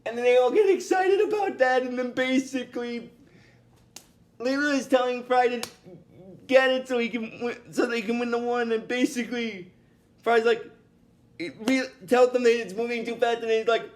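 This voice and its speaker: A man's voice: extremely high pitch, fairly even intonation, moderate pace. A man recapping a cartoon episode in a casual, rambling way, with many restarts and fillers and bursts of giggling.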